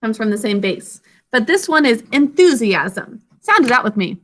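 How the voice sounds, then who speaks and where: A woman teaching an online reading lesson over a video call, sounding out words slowly and clearly syllable by syllable. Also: fairly high pitch, sing-song, fairly bright tone.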